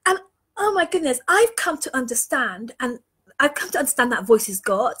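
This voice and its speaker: A woman leadership coach telling a personal story in an earnest, animated way. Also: sits high, normal speed, slightly rough.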